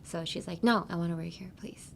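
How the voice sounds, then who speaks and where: A woman with a fairly low voice talks through a language lesson as a podcast host. Her delivery is relaxed and chatty, full of "like" and "um". She switches between English and Japanese as she explains. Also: brisk, vocal fry, slight background noise. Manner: chatty, explains phrases with many "like" and "um" fillers. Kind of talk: casual teaching chat.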